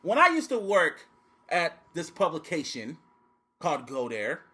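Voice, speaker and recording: Animated, high-voiced podcast host man. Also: unhurried. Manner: animated, profane storytelling. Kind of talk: casual podcast chat.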